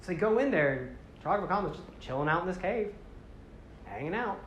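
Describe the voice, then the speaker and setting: A woman giving a rambling, animated casual talk to a live audience, often slipping into character voices. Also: lowish voice, fairly quick, roomy sound, a little hiss or hum. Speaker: presenter.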